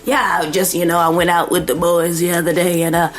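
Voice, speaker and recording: A woman putting on a slow, low old man. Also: flat delivery, soft background music, natural voice. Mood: smarmy. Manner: drawling, hesitant with fillers.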